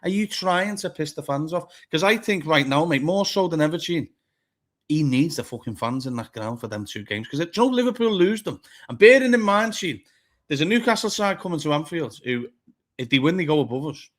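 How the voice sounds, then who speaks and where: A man's voice: a little high, animated, fairly quick, a bit bright. A man on a football fan panel, talking bluntly, swearing a lot and getting heated. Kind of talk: casual fan chat.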